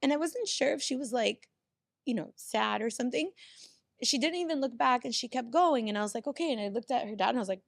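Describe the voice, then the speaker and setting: A woman's voice: a little high, lively intonation, quick pace, vocal fry, dry recording, clean studio sound. A woman guest on a podcast, telling a heartfelt, rambling story in casual chat.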